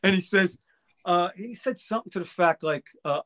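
High-voiced older man telling a lively story. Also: fast. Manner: animated, acts out quoted voices, swears freely. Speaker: guest musician. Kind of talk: casual storytelling.

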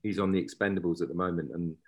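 A man in his forties with a fairly low voice. He is a guest actor who rambles through casual stories, restarting his sentences as he goes. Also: rapid-fire, darkish tone. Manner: rambling, self-interrupting, anecdotal. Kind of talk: casual interview chat.

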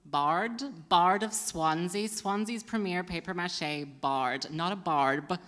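Woman, stand-up comedy host, rambling, self-mocking, bright forceful voice, long reverb. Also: fairly low pitch, takes it slowly. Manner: rambling, self-mocking, laughs at own jokes. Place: performance venue with live audience.

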